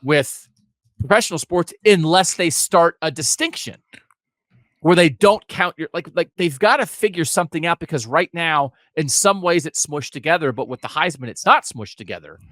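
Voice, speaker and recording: A fairly high-voiced man talks through his case with plenty of rise and fall, pressing hard on each point. He jumps between asides and restarts in casual sports talk. The sound is dry and close. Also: expressive, fairly bright tone, no room sound. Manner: emphatic, argumentative, rapid asides. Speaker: podcast co-host.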